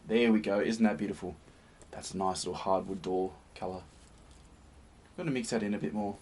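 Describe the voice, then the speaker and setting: A man hosting a painting demonstration, gentle and encouraging, often sinking to a soft near-whisper. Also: fairly low pitch, fairly even intonation, normal speed. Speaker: painting tutorial host. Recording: slightly distant mic with faint hiss.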